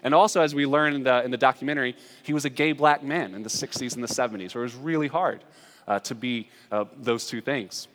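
A man preaching a sermon, swinging between loud emphatic lines and hushed asides. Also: medium pitch, fast talker, big-room sound. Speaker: pastor.

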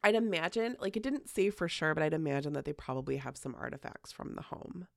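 A chatty woman hosts a podcast and tells a story in a loose, casual way, dropping "like" often and swearing now and then. Her voice has a heavy gravelly fry, and the sound is dry and close. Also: low-pitched, lively intonation, quick pace, no echo. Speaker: podcast host.

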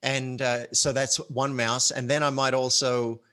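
Bright-voiced man, earnest and reflective. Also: medium pitch, level tone, a little slow. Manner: earnest, reflective, explains with analogies. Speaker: author and show host. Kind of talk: casual conversational chat.

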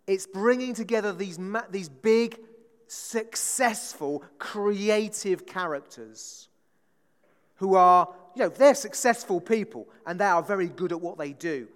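A man preaching a conversational sermon, often checking in with the congregation with a quick "right?". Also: high voice, in a large hall.

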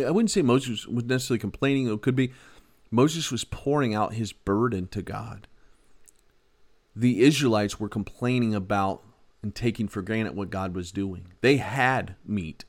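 A man giving a sermon, reading old scripture aloud and then retelling it in lively everyday words. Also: on the low side, normal speed. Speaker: preacher. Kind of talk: Bible-teaching sermon.

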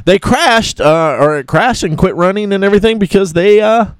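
A man's voice: sits high, clear, resonant tone, no room sound. Easygoing male podcast co-host, dry sound. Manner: relaxed, easygoing, quick to laugh. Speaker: podcast co-host reading the news. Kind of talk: casual chat.

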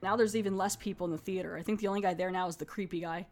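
A woman's voice: on the low side, fairly even intonation, rapid-fire, darkish tone. A woman casually reviewing a horror anthology film, retelling scenes in a chatty way with quoted lines. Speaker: movie reviewer.

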